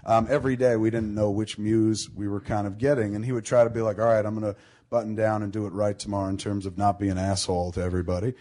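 A man's voice: on the low side, little pitch movement, quick pace, dark tone. A man hosting a casual chat, telling long rambling stories and swearing freely. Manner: rambling, profane storytelling. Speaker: podcast host.

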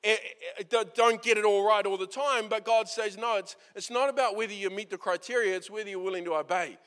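A New man preaches a sermon in a high, bright voice. His delivery is conversational and earnest, and he acts out quoted lines. A long hall reverb trails behind every phrase. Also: fairly even intonation, a little fast. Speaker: pastor.

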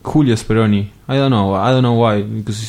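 A man from Argentina, a Spanish speaker, chatting as a guest in halting English with grammar. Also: fairly low pitch, steady tone, darkish tone. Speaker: guest footballer. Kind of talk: casual interview chat.

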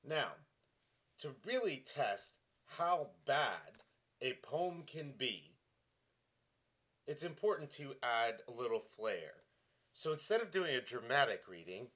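A man's voice: medium pitch, very animated, takes it slowly, fairly bright tone. A man in his forties from Tennessee, giving self-mocking dramatic readings with a mock-dramatic, self-deprecating delivery. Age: 40s. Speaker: comedic vlogger.

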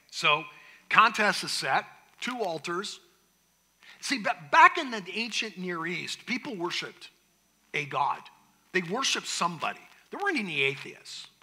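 A man preaching a sermon, retelling a story with shifts from loud to hushed. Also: high-pitched, breathy edge. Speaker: pastor.

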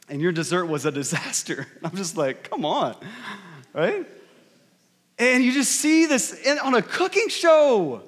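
A male pastor preaching a sermon, telling stories with animated, emphatic delivery. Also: high voice, normal speed. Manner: animated storytelling, rising to emphatic peaks. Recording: long reverb of a large hall.

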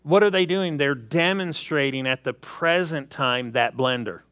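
A man's voice: on the high side, a little slow, clear, resonant tone, dry recording. A man preaching a sermon, telling everyday stories and acting out little asides to make his points. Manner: animated storytelling with acted asides.

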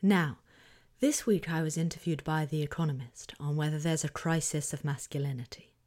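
A woman hosting a podcast, reading a prepared essay in a measured, analytical way, often dropping to a near-whisper at the ends of phrases. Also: sits low, darkish tone. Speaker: podcast host.

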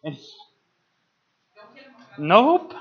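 A man's voice: sits high, very animated, extremely slow, creaky, muffled recording. A young man speaking as a guest in a church service, playful and emotional, laughing as he talks. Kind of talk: jokey church talk.

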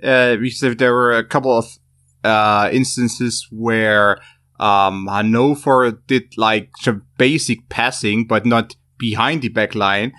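A man talking football tactics as a podcast guest, halting and restarting often with many fillers. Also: mid-range voice, steady tone, a bit bright. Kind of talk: casual podcast discussion.

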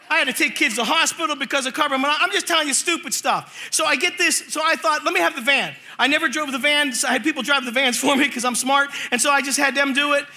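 High bright-voiced man preaching a comic story. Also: fast talker, few pauses. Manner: animated, acts out voices, laughs through story.

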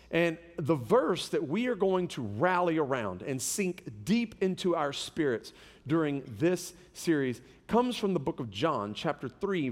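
Animated high-voiced preacher, echoey hall. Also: male voice. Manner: animated storytelling with humor. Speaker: pastor. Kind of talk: sermon.

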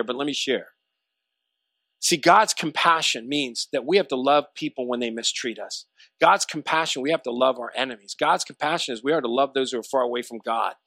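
A man's voice: mid-range voice, gravelly, pushed and bright, no room sound. A male pastor preaching a sermon emphatically, his intensity building as he goes.

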